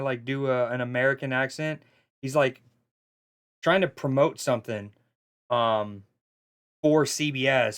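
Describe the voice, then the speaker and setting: Chatty man doing casual esports commentary. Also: medium pitch. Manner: chatty, loose, excitable, with frequent fillers and restarts. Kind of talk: casual live stream commentary.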